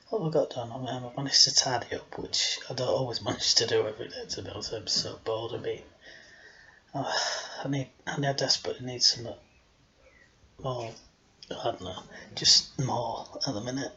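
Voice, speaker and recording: A man of middle pitch, rambling and sighing through a casual joke-telling video. He pokes fun at himself as he wanders off topic. The recording sounds slightly dull and lo-fi. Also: fairly bright tone. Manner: rambling, self-mocking, sighing often. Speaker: storyteller host.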